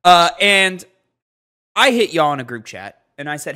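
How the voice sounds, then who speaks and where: Man, co-host, brash and swearing, forceful bright tone, slightly high. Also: sing-song, unhurried. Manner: brash, profane, hyped. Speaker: podcast co-host. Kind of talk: casual podcast chat.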